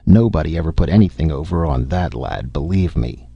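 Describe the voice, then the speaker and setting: A man doing a gruff teasing doctor, folksy, deep voice, dry close sound. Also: expressive, a little fast, dark tone, dry recording, muffled recording, faint music behind, full character voice.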